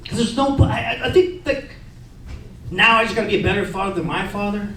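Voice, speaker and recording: A man's voice: sits high, brisk, noisy background. A man performing a crude, self-mocking stand-up set about parenting and army life at a comedy venue, often acting out other people's lines. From California. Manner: crude, self-mocking storytelling with acted quotes. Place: comedy venue with live audience. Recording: roomy, distant live stage recording with crowd.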